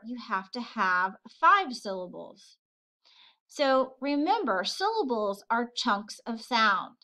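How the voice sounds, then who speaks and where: A woman teaching a poetry lesson, walking students through each step with patience. Her voice sits a touch high. She speaks slowly and deliberately. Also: sharp tone, rough recording. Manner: slow, patient, explains step by step.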